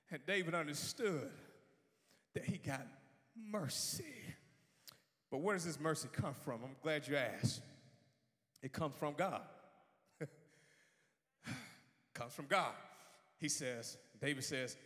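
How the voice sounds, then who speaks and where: A man preaching a sermon in a church, swinging from quiet asides to shouting. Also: fairly high pitch, expressive, a little slow, long pauses, in a large hall. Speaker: pastor.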